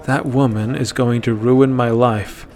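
A man's voice: mid-range voice, steady tone, a little slow, a little mellow, close to an everyday voice. A man voicing a wry, easily flustered male hunter in a storybook reading. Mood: dry.

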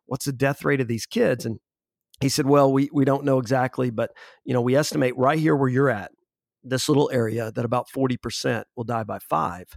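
Male guest in his forties, gravelly voice, dry close sound, earnest storyteller who restarts his sentences. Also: mid-range voice, fairly quick, no echo. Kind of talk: conversational storytelling.

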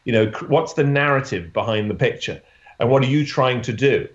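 A man who is a portrait photographer, telling a story in an interview, halting often with restarts and "you know" fillers. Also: medium pitch, reverberant, lo-fi sound.

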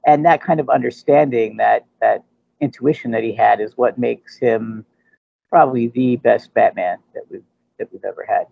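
Brief: husky, gravelly male co-host, stop-start casual film chat, dull dry recording. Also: mid-range voice. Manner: halting, repeats words. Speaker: podcast co-host.

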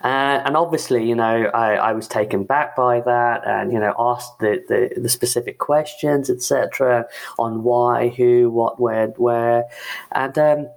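A man with a gravelly, creaky voice shares a personal workplace story. He is an IT manager, and he talks haltingly, leaning on "you know" and "um" between thoughts. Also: mid-range voice, fairly even intonation.

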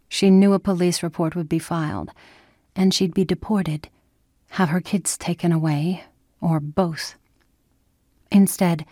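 Woman reading a story aloud, slow and low-pitched, dry close sound. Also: no room sound. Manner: calm, measured, dropping to a whisper in tense moments. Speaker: narrator. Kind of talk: scripted story narration.

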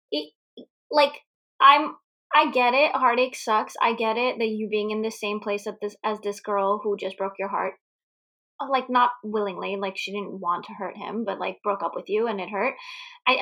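A young woman co-hosting a casual movie recap podcast, animated and quick to laugh, swearing freely. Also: mid-range voice. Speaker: podcast co-host.

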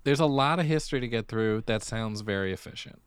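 A man's voice: fairly low pitch, a little fast, smooth, no echo. A man co-hosting a podcast in casual chat, reacting with playful quips. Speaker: podcast co-host.

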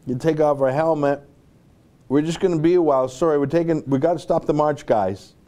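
A man's voice: fairly high pitch, brisk, dark tone, voice pushed up, lightly acted. A man mimicking a whiny shushing soldier. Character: fussy male soldier halting a patrol to pray.

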